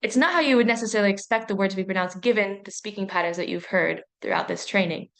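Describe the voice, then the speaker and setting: A young adult woman from a university, reading a training presentation in a clear, measured, explanatory way. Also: medium pitch, a bit bright.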